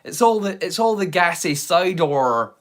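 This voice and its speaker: A man's voice: high voice, animated, normal speed. A man hosting a live movie watch-along, rambling casually with jokes and the odd swear word. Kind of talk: casual live-stream chat.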